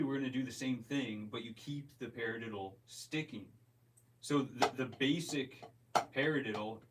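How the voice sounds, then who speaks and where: A man teaching a drum lesson in a relaxed, step-by-step way, counting the beats aloud. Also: fairly low pitch. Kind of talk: casual instructional talk. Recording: distant mic with loud clicking noise.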